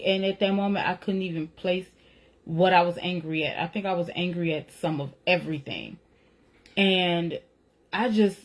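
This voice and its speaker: A woman telling a personal faith story in a casual, earnest way, often checking in with "right?" and "you know". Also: mid-range voice. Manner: reflective, retelling feelings with rising emotion. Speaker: author sharing a personal testimony.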